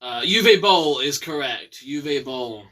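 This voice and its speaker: A young Scottish man hosting a casual bad-movie quiz, chatty, with quick asides and some swearing. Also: on the high side, expressive, sharp tone, far from the mic. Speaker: quiz host.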